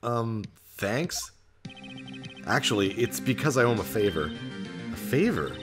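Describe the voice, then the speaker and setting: A man's voice: medium pitch, very animated, a little slow, over music. A man voicing a young male defense lawyer in a game, reading in a dry, wry way. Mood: earnest.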